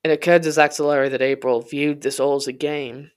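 This podcast narrator tells a personal story in the first person, quiet, intense and confessional. The medium-pitched voice is steady and brisk, with a clean tone.

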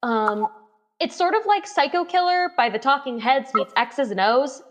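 A woman's voice: sits high, animated, moderate pace. Articulate woman discussing songs. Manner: articulate, thoughtful, slightly wry. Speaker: podcast co-host. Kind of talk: casual music chat.

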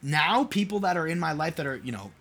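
Fairly high-pitched with big swings and a breathy edge, a fairly bright-toned man talks a little fast. As host and mentor of his own podcast, he rambles alone, quizzing listeners with rhetorical questions and saying "like" constantly.

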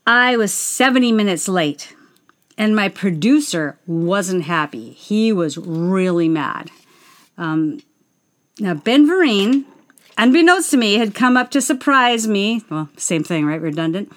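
A woman's voice: medium pitch, sing-song, unhurried. A woman, a stage performer, casually telling a personal story in a chatty way, interrupting herself and acting out the people she quotes.

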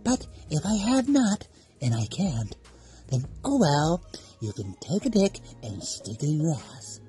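A woman's voice: low voice, sing-song, measured pace, warm tone, faint music behind. Woman playing a crude enchanted unicorn. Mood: mock-sweet. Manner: sugary politeness turning to crude insults. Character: foul-mouthed self-proclaimed enchanted female unicorn host. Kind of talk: comedic voice acting.

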